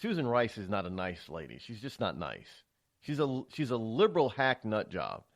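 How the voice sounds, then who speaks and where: A man's voice: on the low side, moderate pace. A man hosting a talk radio show, speaking in a rambling, emphatic monologue full of restarts and stammers. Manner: animated, emphatic delivery.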